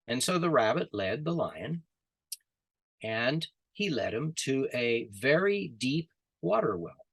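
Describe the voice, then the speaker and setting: A man telling a folk tale to friends over a video call, relaxed and often repeating his words. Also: mid-range voice, slow pace, creaky, husky, no room sound. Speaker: storyteller, group organizer. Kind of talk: oral storytelling narration.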